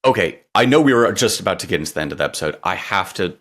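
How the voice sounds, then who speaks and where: A man's voice: low-pitched, expressive, very fast, a bit bright. A man co-hosting a podcast in casual chat, wry and sarcastic as he tells stories. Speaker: podcast co-host.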